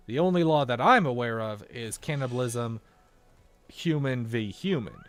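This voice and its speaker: An American man chatting casually through a let's-play, rambling from thought to thought and talking to the game's characters. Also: medium pitch. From United States. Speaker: gaming video creator.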